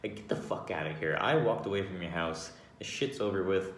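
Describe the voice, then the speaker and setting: A man with a low, deep voice tells a personal story casually and with lots of swearing. He often stops and restarts his sentences. The voice bounces around an echoey room, with a faint hiss underneath. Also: brisk. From Arizona, United States. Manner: profane, animated, with frequent restarts.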